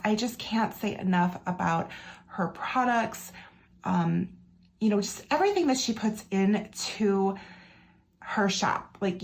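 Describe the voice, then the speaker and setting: A woman casually chatting through an unboxing for her channel, gushing with enthusiasm and peppering her talk with fillers. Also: mid-range voice. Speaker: planner unboxing vlogger. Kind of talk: casual product unboxing chat. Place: her office or desk area, indoors.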